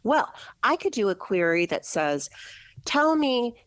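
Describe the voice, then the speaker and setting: A woman's voice: on the low side, big pitch swings, moderate pace. A woman author being interviewed, explaining her views with enthusiasm. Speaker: guest author. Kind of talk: interview conversation.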